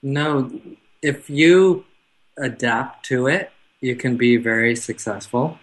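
A man speaking as a guest in an interview, talking about his business in a measured, reflective way. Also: medium pitch, rough recording. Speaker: guest, car business owner. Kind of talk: conversational interview.

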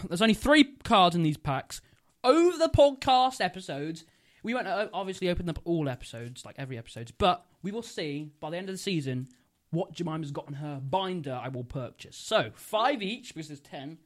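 A man's voice: high voice, animated, a little fast. A young man, co-hosting a podcast, rambling and giggling as he makes up a silly story. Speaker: podcast co-host. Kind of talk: casual podcast chat, improvised storytelling.

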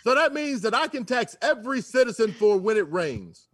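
A man co-hosting a podcast with a husky, slightly breathy voice pitched fairly high. He swings his pitch around a lot, joking in a mock-outraged way. The sound is dry and close. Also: big pitch swings, normal speed, a bit bright, dry recording. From United States. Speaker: podcast co-host. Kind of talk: casual joking chat.

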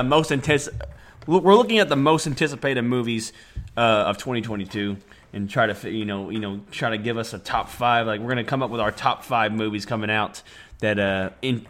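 A young adult man co-hosting a casual podcast chat, rambling with lots of fillers and quick to laugh. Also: medium pitch, fairly bright tone. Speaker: podcast co-host.

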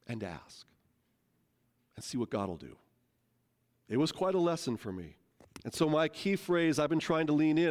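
Man, pastor, sermon storytelling, animated, conversational, slightly high voice. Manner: animated, conversational, acts out quotes.

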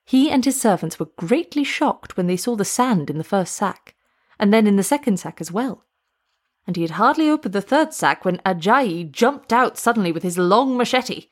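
A woman narrating a story aloud in a steady, measured way. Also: medium pitch.

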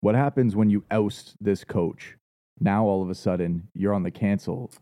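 A man's voice: on the low side, normal speed, dark tone, no room sound. A man co-hosting a podcast in casual chat, blunt and brash, swearing freely. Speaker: podcast co-host. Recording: dry, dull lo-fi sound.

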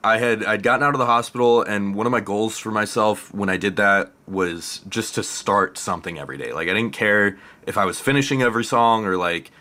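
A man's voice: lowish voice, brisk, hardly any pauses, pushed and bright. A man talking as a guest musician in a casual interview, laughing often and speaking openly about his past. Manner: laughs often, open and reflective.

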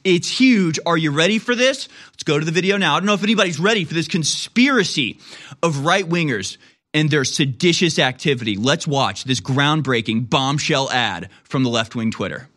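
A man's voice: on the high side, animated, brisk, fairly bright tone. A man hosting a commentary show, reacting to online posts in a sarcastic, incredulous way. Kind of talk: mocking political commentary.

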